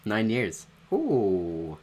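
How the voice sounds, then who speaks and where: Man, low-pitched, reaction commentary, excitable, swears, trails off. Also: drawn-out words. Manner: excitable, swears freely, trails off mid-thought. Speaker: reaction video host.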